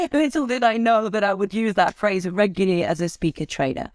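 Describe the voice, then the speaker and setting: Expressive woman, speaker trainer. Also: mid-range voice, moderate pace, clear, resonant tone, dry recording, clean studio sound. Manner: expressive, shifts her tone to make a point. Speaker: speaker trainer and podcast guest. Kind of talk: conversational interview.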